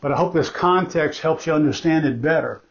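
A man's voice: on the high side, brisk. A man preaching a sermon as pastor, emphatic and conversational, repeating key phrases for stress and breaking off into asides. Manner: conversational, with asides and self-corrections. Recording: dull lo-fi recording.

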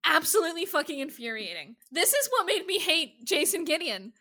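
A woman's voice: very high-pitched, sing-song, a little fast, bright, forceful tone. A woman co-hosting a casual podcast chat about a TV show, talking emphatically and swearing heavily. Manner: emphatic, heavy swearing, gets worked up. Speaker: podcast co-host.

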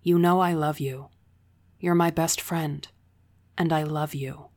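A woman voicing a young woman, the heroine's loyal best friend, speaking softly and earnestly. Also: low-pitched, steady tone, slow. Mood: tender. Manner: soft, earnest and tender.

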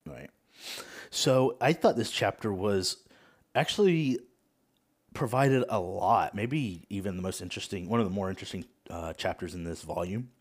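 A man hosting a casual podcast chat, talking in a relaxed, hesitant way with many fillers and frequent laughs. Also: on the low side, normal speed, slightly rough. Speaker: podcast host.

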